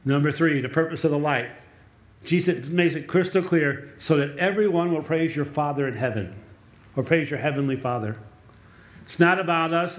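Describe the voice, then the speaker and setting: A man's voice: on the high side, reverberant. A male pastor preaching a sermon in a church, telling stories in a conversational way and asking the congregation for amens. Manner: conversational storytelling, asks the room for amens. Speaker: pastor and chaplain.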